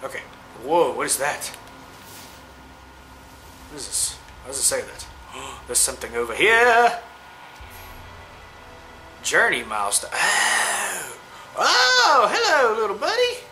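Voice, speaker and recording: A man talking through his gameplay in an excitable, rambling way, his pitch leaping up and down as he chats. His voice is very bright and sharp, and he slips into cooing at creatures on screen. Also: unhurried, pauses often, a little hiss or hum, rough recording. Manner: chatty, excitable, coos at game creatures. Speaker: gamer. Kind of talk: let's play commentary.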